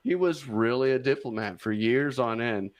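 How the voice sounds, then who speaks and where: A man's voice: medium pitch, moderate pace, dry recording, muffled recording. A man co-hosting a podcast in casual political discussion, hesitant and repeating words as he searches for them.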